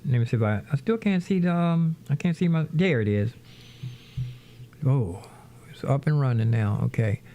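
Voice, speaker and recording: A middle-aged man hosting a casual livestream from his home studio, rambling to his viewers while he sets up music software. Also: medium pitch, animated, normal speed, long pauses. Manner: rambling, talks to viewers as "y'all".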